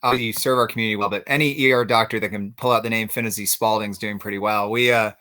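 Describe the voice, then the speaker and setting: Male host, friendly, crisp and tense tone. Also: on the low side, steady tone, fast, bright, forceful tone. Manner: friendly, relays viewer comments. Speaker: interview host. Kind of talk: hosted interview.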